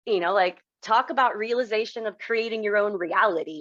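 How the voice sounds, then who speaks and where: A woman's voice: medium pitch, brisk, few pauses, fairly bright tone, no echo. A woman in her thirties, a guest on a podcast, tells a personal story candidly and with emotion, acting out the dialogue. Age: 30s. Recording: dry, dull lo-fi sound.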